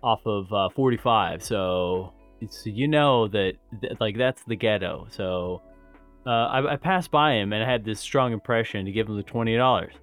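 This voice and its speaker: A man's voice: fairly low pitch, moderate pace, fairly bright tone, faint music behind. A man in casual podcast chat, laid-back and joking, swearing freely as he tells stories.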